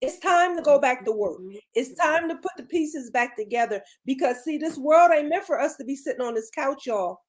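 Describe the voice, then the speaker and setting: A middle-aged woman gives a motivational talk as a podcast co-host. Her voice sits high, and she drives her points home by repeating phrases. She sounds emphatic and a little preachy. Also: expressive, normal speed.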